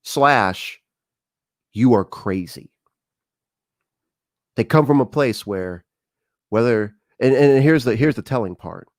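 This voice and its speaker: With a mid-range voice and measured delivery, this middle-aged talk show host tells animated, conversational stories, voicing the dialogue himself. The recording is dry and clean, studio-grade.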